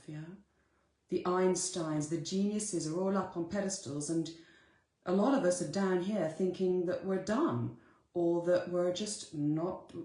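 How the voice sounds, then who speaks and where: A woman's voice: on the low side, a little mellow, reverberant. A woman giving a live-streamed motivational talk, earnest and direct, repeating her key phrases to her listeners. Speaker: spiritual coach.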